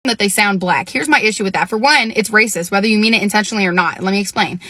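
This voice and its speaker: A woman's voice: medium pitch, fast talker, bright, forceful tone, dry recording, clean studio sound. Blunt lecturing woman. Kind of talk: casual talk to camera.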